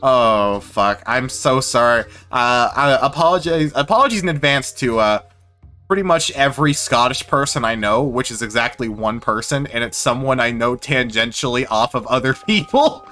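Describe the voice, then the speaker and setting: A man giving casual, rambling commentary while streaming a game, self-deprecating and quick to swear. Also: medium pitch, sharp tone, soft background music.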